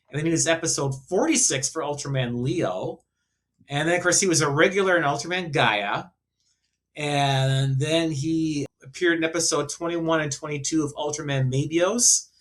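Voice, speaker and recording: Halting man with a bright, sharp voice. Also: on the high side. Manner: halting, many fillers and restarts while recalling facts. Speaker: podcast co-host. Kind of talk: casual podcast chat about films.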